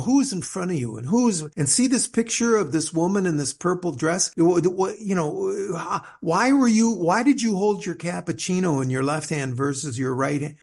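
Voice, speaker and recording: A middle-aged man, an author, telling stories in a rambling conversational way, restarting and repeating words, animated when he quotes others. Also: on the high side, vocal fry. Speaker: author interviewed as guest. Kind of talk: conversational storytelling interview.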